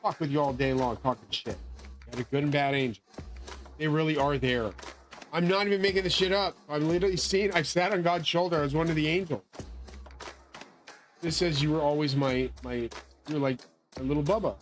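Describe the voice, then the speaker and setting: A man's voice: on the high side, fairly quick, pauses often, fairly bright tone. A man hosting his own channel, talking in a profane, rambling, angry monologue full of grand claims. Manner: angry, swearing, grandiose ranting. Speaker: channel host.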